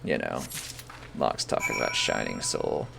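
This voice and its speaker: A man's voice: very deep voice, lively intonation, measured pace, creaky, bright, forceful tone, slight background noise. A young man talking casually on a live stream, rambling and swearing freely.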